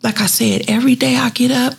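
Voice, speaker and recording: Husky, creaky-voiced woman in her fifties. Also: fairly high pitch, fast. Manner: earnest and heartfelt, with lively retold dialogue. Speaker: public works street cleaning supervisor. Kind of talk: storytelling in a personal profile interview.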